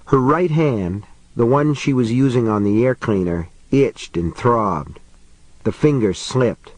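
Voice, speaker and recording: A man narrates a novel in a low, measured audiobook delivery. His voice sits at an ordinary middle pitch. The sound is close and dry, with no room around it. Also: a little mellow, dry recording, low-quality recording. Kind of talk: scripted narration.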